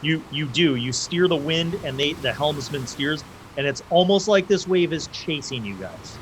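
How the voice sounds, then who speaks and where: A man's voice: on the high side, expressive, normal speed, background noise. A man narrating a tabletop game as game master, with loose, vivid descriptions that act out side characters.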